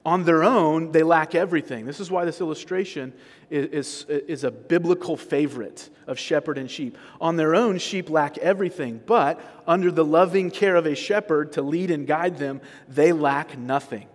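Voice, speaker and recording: Male pastor, slightly high voice, casual preaching style, long church reverb. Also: moderate pace. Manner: conversational preaching with frequent restarts and rhetorical questions. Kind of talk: sermon. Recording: sermon recorded in a large reverberant hall.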